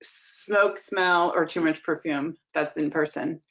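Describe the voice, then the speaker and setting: A woman casting director answering interview questions in an animated, emphatic way, with quick asides. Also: deep voice. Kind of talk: casual interview talk.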